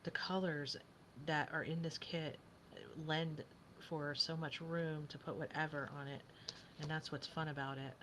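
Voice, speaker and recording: A woman's voice: sits low, flat delivery, a little slow, background noise. A woman chatting casually as she works on a craft project, thinking aloud and often dropping to a whisper.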